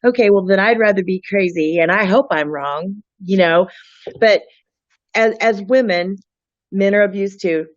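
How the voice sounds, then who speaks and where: A woman speaking earnestly in an interview, with frequent restarts and a halting delivery. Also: medium pitch, dry recording, lo-fi sound. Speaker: guest, friend of a missing woman. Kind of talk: emotional interview talk.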